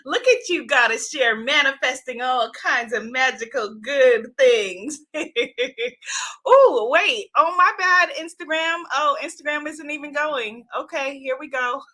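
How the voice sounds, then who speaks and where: A woman with a high, bright voice hosts a live stream, effusive and quick to laugh. She greets viewers by name and keeps an unhurried pace. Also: animated. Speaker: live-stream host and oracle card author. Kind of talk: casual live-stream chat.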